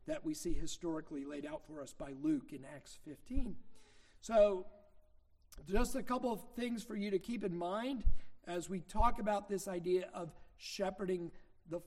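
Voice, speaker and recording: A middle-aged man preaches a sermon with a high voice. He teaches in a relaxed, conversational way, telling stories. He presses hard on the points he wants to land. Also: moderate pace. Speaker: minister.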